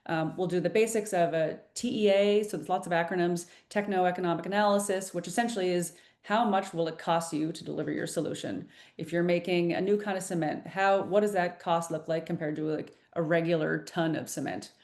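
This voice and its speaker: A woman with a lowish voice walks listeners through a fellowship program in a webinar, speaking loosely with frequent "um"s and restarted sentences. The recording has a noticeably roomy echo. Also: fairly even intonation, brisk, darkish tone. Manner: explanatory, many fillers and restarts. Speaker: program presenter. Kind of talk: informational webinar presentation.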